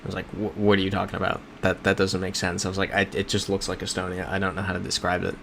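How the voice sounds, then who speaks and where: A man's voice: sits low, monotone, fast, vocal fry, a bit bright, slight background noise. A man hosting a casual livestream while playing a geography game, talking in a rambling, self-correcting way and answering chat. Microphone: desk microphone.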